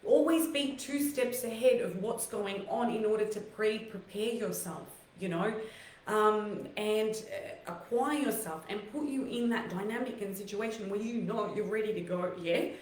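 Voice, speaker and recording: A woman hosting a live online talk, emotional and close to tears, giving heartfelt, rambling encouragement with many fillers in a voice rougher and deeper than her usual. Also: moderate pace, darkish tone, a little hiss or hum. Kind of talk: live-stream motivational talk to viewers. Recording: echoey room.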